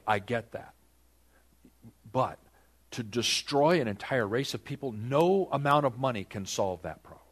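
A man's voice: medium pitch, husky. A man preaching a Bible-teaching sermon, asking rhetorical questions and dramatizing the text.

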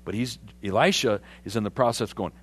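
A man preaching a sermon, animated and conversational, putting questions to his congregation. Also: fairly low pitch, a little fast, noisy background. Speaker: pastor.

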